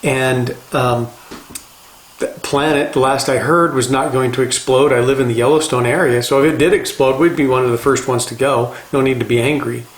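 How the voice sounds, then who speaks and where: An older man talks as a life coach, earnest and plain-spoken. He leans on repetition to drive his points home, with a voice of ordinary pitch. The room around him echoes noticeably. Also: steady tone, normal speed. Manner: earnest, conversational, repeats phrases for emphasis. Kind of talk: motivational talk.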